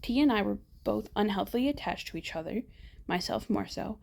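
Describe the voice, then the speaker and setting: A young woman reading her own document aloud, soft and halting with hesitations, her voice wearing out. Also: mid-range voice, animated, vocal fry, a little hiss or hum. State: losing her voice.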